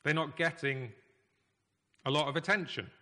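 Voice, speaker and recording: A man preaching a sermon in a conversational, emphatic way, with pauses. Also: a little high, sharp tone. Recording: echoey hall reverb.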